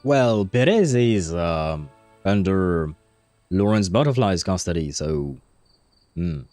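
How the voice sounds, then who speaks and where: A man's voice: deep voice, sing-song, takes it slowly, darkish tone, dry recording, soft background music. A French-speaking man chatting casually as he streams a game, rambling with lots of fillers. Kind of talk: casual gameplay commentary.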